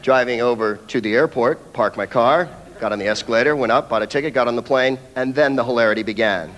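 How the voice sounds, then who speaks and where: A man's voice: medium pitch, fast, long reverb tail, dull audio, a crowd in the background. A man with an American accent performing a sardonic, laid-back stand-up routine. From United States. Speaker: stand-up comedian. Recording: live stage in a theatre with audience.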